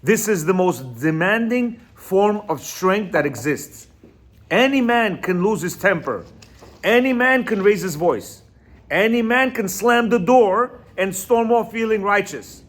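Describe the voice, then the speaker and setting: A man's voice: high voice, expressive, measured pace, a bit bright. A man teaching on marriage and self-control, reading passages aloud and explaining them with frequent asides. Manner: reads quotes aloud, then explains with asides and constant "you hear?", "right?"; sometimes stumbles over Hebrew words. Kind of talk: informal religious teaching talk.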